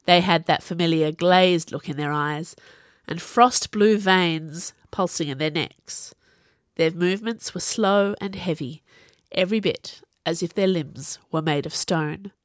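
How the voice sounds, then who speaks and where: A woman with a lowish voice reads a novel aloud in steady, even storytelling. The sound is close and completely dry, with no room around it. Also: no echo. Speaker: audiobook narrator. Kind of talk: scripted narration.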